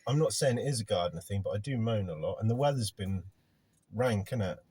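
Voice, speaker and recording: A middle-aged man, a gardener hosting a casual vlog chat in a van, loud and rambling. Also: on the low side, animated, quick pace, slightly rough, dry recording. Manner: loud, chatty, rambling, self-deprecating. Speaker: gardening business owner, vlog host. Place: inside a van.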